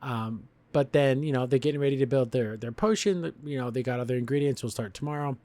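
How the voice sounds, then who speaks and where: Here a podcast host rambles casually through the plot of a cartoon episode he's reviewing, laughing lightly as he goes. He talks quickly in a mid-range, slightly mellow voice, with no echo in the recording.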